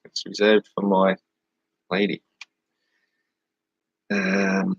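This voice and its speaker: A man's voice: low voice, moderate pace, gravelly, long pauses, fairly bright tone, slightly rough, no echo, poor audio. A man hosting a casual livestream, answering chat questions in a mocking, dismissive way and swearing now and then.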